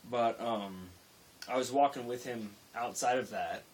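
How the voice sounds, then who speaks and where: A man's voice: medium pitch, unhurried, recorded from a distance. A young man vlogging late at night, telling a work story in a rambling, self-interrupting way. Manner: rambling, self-interrupting, with loud acted-out quotes. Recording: faint hiss, voice a bit off-mic.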